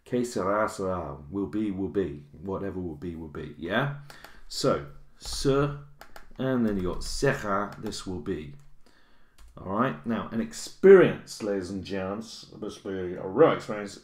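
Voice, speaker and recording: Man, language teacher, lowish voice, chatty and encouraging, thinks aloud, echoey room. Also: animated, measured pace, a little mellow. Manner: chatty and encouraging, with lots of checking "okay?" and "ladies and gents"; self-correcting, thinking aloud as he types. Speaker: French teacher. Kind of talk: recorded online lesson with on-screen notes.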